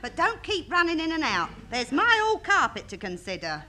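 Scolding landlady, sharp manner, animated pitch, bright voice. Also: normal speed, exaggerated voice. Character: nagging disapproving landlady. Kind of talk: radio comedy acting.

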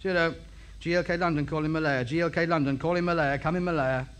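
A man's voice: a little high, fairly even intonation, fast talker, fairly bright tone, clear, resonant tone, natural voice. A man playing a grumbling, sardonic radio ham in a 1950s radio sitcom. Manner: grumbling, sardonic comic delivery. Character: grumbling middle-aged male radio ham. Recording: noisy old radio sitcom recording.

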